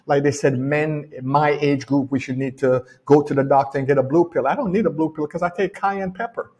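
A man's voice: a little high, steady tone, quick pace, darkish tone. Middle-aged Jamaican man coaching emphatically. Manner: emphatic, repeats key phrases. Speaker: personal development coach. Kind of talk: casual motivational talk. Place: home in rainy weather.

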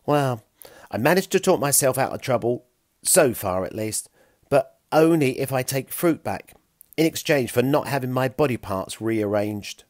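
A man's voice: medium pitch, animated, moderate pace, a little mellow, dry recording, clean studio sound, natural voice. A man voicing a clever, cheeky Stone Age boy who chatters in a self-satisfied way. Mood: chatty.

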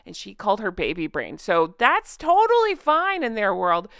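A woman's voice: mid-range voice, huge pitch swings, moderate pace, a bit bright, clear, resonant tone, dry recording, clean studio sound. A woman hosting a commentary vlog, sarcastic and scornful, laughing often. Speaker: royal commentary channel host.

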